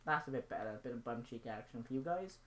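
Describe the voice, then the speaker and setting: A woman's voice: a bass voice, animated, quick pace, fairly bright tone, a little hiss or hum. A young woman chatting casually over a game in her vlog, rambling, silly and playful as she plays. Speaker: gaming channel host. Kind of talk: casual gaming vlog commentary.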